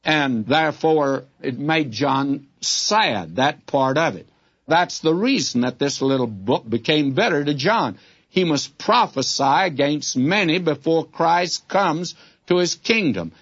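A man's voice: fairly high pitch, fairly bright tone, breathy edge, highs cut off. A man teaching the Bible in a sermon, talking earnestly and folksy straight to his listeners.

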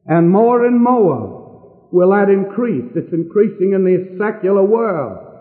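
An older man preaching a sermon from a church pulpit with earnest, emphatic pauses. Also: sits high, animated. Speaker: pastor. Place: church sanctuary. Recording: distant hall on a tinny lo-fi recording.

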